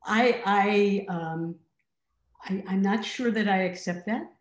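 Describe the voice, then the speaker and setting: A woman taking part in an inquiry talk, speaking hesitantly with many pauses and ums. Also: medium pitch, reverberant. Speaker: participant. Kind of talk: personal inquiry dialogue.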